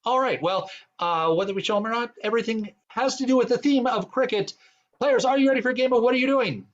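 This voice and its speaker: A man's voice: very high-pitched, fast, muffled recording. A man hosting an online improv comedy game, explaining rules with plenty of fillers. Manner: rambling, many fillers. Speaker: improv show host.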